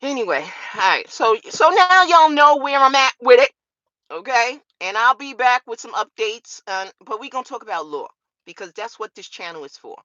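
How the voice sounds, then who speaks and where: A woman's voice: a little high, lively intonation, moderate pace, bright, forceful tone, dry recording, dull audio. A woman vlogger, ranting straight to camera on her law channel with profanity and rhetorical questions. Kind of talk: casual straight-to-camera rant.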